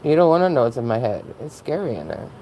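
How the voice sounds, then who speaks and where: A woman's voice: rumbling low, very animated, fast talker, dark tone, slight background noise, low-quality recording. A woman talking candidly in a casual, rambling personal monologue, often breaking into laughs. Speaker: vlogger.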